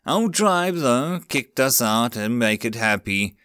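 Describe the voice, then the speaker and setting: A man voicing a cheerful, blunt young male goblin in a storybook reading, in a high chirpy voice. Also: animated, slow, a bit bright, smooth, no echo, studio quality.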